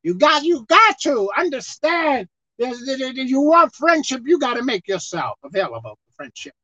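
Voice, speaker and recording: High, lively woman preaching a sermon. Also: normal speed, no echo, highs cut off. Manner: animated, swings between loud emphatic lines and low asides.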